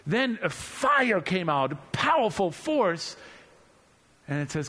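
A male preacher delivering a relaxed, humorous sermon who often repeats words as he speaks off the cuff. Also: high voice, slow pace, slightly rough. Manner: conversational and humorous, repeats words while searching.

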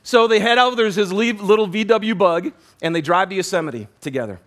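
A pastor tells a story in his sermon with animated energy, frequently restarting and repeating words. His voice sits high and his pace is brisk.

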